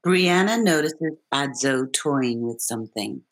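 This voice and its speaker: A woman guest, an actress, reading the stage directions in a crisp, even way. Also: very deep voice, a little slow.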